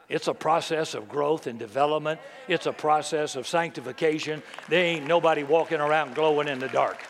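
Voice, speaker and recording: Middle-aged pastor guy preaching, kinda high voice, jokey and animated, big echoey church. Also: brisk, few pauses, a faint crowd. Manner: animated, conversational preaching with humor. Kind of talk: sermon. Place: large church hall. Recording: long hall reverb.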